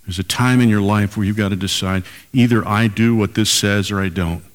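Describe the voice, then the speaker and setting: A man's voice: fairly low pitch, steady tone, a little fast, long reverb tail. An older man preaching a sermon as pastor, emphatic and repeating key lines for weight.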